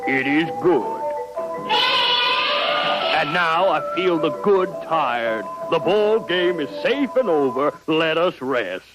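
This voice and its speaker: A man's voice: on the high side, animated, slow pace, loud music behind the voice, low-quality recording. A man voicing a solemn, proper hunter father in a 1950s cartoon, talking formally and moralizing. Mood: content.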